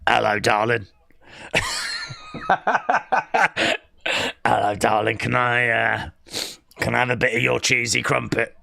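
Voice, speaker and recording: A man putting on a smarmy, flirty voice to mimic one of his viewers, with a low drawl. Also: flat delivery, normal speed, gravelly, sharp tone.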